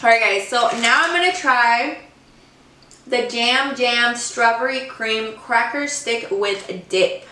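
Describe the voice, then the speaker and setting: A young woman chatting casually through a snack-tasting vlog at home, excitable and gushing. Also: on the high side, slow pace. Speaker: vlogger. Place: room at home. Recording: roomy sound, a bit far from mic.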